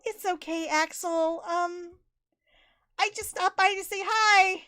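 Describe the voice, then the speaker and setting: A sunny teenage girl with a sorrowful core, from a visual novel, voiced by a woman reading along. The voice is very high. The tone stays soft and plain rather than heavily acted. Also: fairly even intonation, takes it slowly, no room sound, exaggerated voice. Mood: bubbly. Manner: read aloud casually from game text. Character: cheerful teen girl hiding deep sadness.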